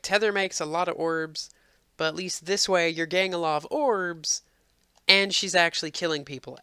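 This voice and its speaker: Male game reviewer, bright forceful voice, crisp and dry, casual exasperated rambling. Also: on the high side, no room sound. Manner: exasperated, rambling, frequent ums. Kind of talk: casual gameplay commentary.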